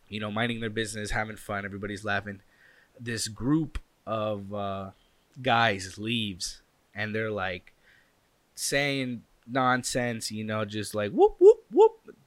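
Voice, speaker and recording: Animated young man telling a story. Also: on the low side, dry recording. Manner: animated, acts out quoted people with sound effects. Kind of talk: casual personal anecdote.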